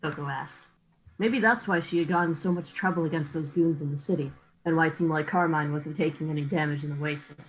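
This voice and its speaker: A woman's voice: low voice, fast talker, slight background noise, poor audio. A woman co-hosting a casual book reading, reading narration aloud and joking between passages. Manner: laughs easily, jokes between passages. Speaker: co-host reading a novel aloud.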